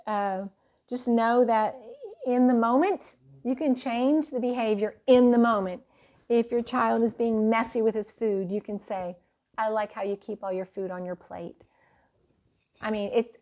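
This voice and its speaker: Chatty woman teaching parenting, higher voice. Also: a little mellow. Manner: chatty, laughing, faith-based storytelling. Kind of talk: casual teaching talk.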